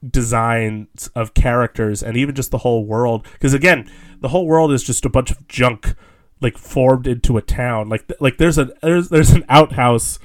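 Rambling young man in casual chat. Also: mid-range voice. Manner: rambling, many fillers, laughs often. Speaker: podcast co-host.

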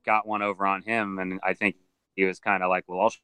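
A man's voice: low voice, a little fast, slight background noise, poor audio. A man who handles alligators and crocodiles, telling stories in a casual interview and acting out the voices of people he met. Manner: animated storyteller who acts out other people's voices. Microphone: video call.

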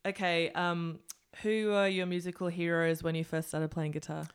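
A woman hosting a casual interview, asking questions and giving short, relaxed replies. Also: on the low side, normal speed, clean tone. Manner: relaxed, brief backchannel replies.

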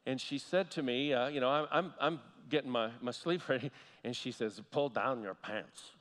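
A man preaching a sermon as pastor, telling a story and slowly repeating key phrases for emphasis. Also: medium pitch, a bit bright. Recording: long hall reverb.

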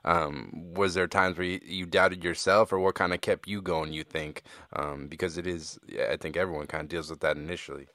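A man hosting a podcast, asking a guest questions in a relaxed, casual way. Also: low voice, a little fast, hardly any pauses, no room sound, studio quality. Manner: relaxed interviewer with brief affirmations. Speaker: podcast host. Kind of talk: casual interview.

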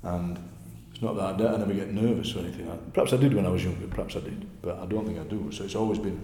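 A man with a Yorkshire accent, a poet telling stories in a lively, chatty interview. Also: low-pitched, rapid-fire, slight background noise. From Yorkshire, England. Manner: chatty, animated storyteller, often laughing. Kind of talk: conversational interview. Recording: echoey room with long reverb.

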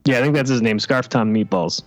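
A man's voice: medium pitch, fairly quick, soft background music. A man joining in casual, matter-of-fact banter on a comedy podcast.

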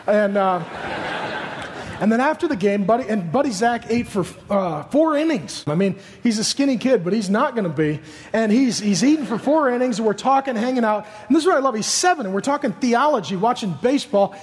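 A pastor in his thirties preaches with a strikingly high voice, acting out the voices in his stories and joking with the crowd. His voice rings out through a large hall with a long echo. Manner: animated storytelling, acts out voices, joking. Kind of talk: sermon.

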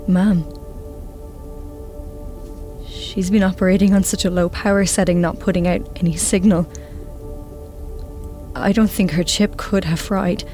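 A woman narrating and playing a desperate, guilt-ridden young woman in a radio drama, speaking in hushed, fragmented phrases that often drop to a whisper. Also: on the low side, fairly even intonation, measured pace, long pauses, faint music behind. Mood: tense. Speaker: writer-performer and narrator.

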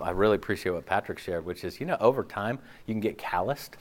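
A pastor with a fairly low voice preaches a sermon fast, with few pauses. He's loose, conversational and animated, acting out imagined listeners' reactions and peppering his talk with "okay?" and "like."

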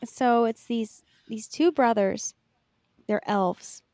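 A woman's voice: fairly high pitch, takes it slowly, warm tone, no echo, studio quality. A young woman co-hosting a podcast in casual chat, rambling with lots of fillers and casual swearing. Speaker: podcast co-host.

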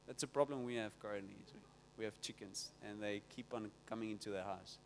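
A man preaching a sermon as pastor, energetic and story-driven, with frequent restarts. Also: on the low side, fast talker, vocal fry, in a large hall.

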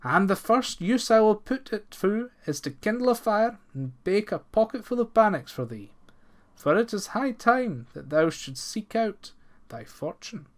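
A man's voice: high voice, big pitch swings, a little slow, voice pushed up. A man reading the part of a firm old mother in a storybook, speaking plainly. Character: stern old mother of a giant.

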